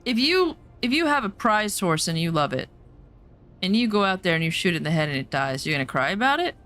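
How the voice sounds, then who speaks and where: A woman's voice: lowish voice, big pitch swings, a little fast, a bit bright, faint music behind. A woman streamer chatting casually over gameplay, telling personal stories bluntly and emphatically, swearing now and then.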